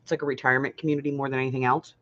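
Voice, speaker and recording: A woman's voice: rumbling low, level tone, racing, fairly bright tone. An older woman hosting a casual crafting livestream, chatting, rambling through a story and greeting viewers by name. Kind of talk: casual chat. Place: home. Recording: slightly muffled home livestream audio.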